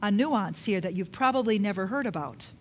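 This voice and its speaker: A woman's voice: medium pitch, lively intonation, fairly quick, slight background noise. A woman preaching a sermon in a conversational way, reading scripture aloud and asking her listeners questions. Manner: reads scripture aloud, then retells it.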